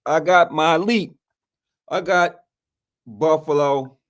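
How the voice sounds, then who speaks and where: A man's voice: a little high, slow pace, a bit bright. A man co-hosting a casual sports picks show, folksy, filling every line with "man" and "y'all". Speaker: co-host.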